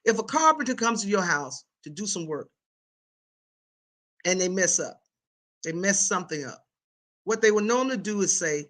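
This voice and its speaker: A woman hosting a casual livestream, reading viewer comments and chatting in an animated, colloquial way with lots of repetition and laughter. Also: medium pitch, moderate pace, long pauses, rough recording.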